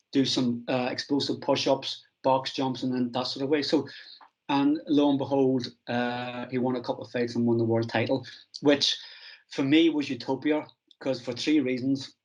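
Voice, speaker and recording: Middle-aged man, coach as guest; mid-pitched, chatty anecdote teller on a muffled, lo-fi track. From Ireland. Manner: animated anecdotes, frequent restarts and "I goes". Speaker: strength and conditioning coach, guest. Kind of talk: conversational storytelling interview. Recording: dull lo-fi recording.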